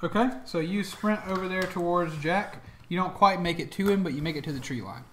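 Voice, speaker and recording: Man, dungeon master, higher voice, rambling laid-back narration, echoey room. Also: fairly quick, slight background noise. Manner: loose, laughing narration with many fillers. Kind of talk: narrating a tabletop game.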